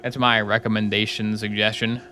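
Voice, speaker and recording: Male streamer, casual live chat, sarcastic and rambling, bright-toned voice. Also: fairly low pitch, little pitch movement, moderate pace, soft background music.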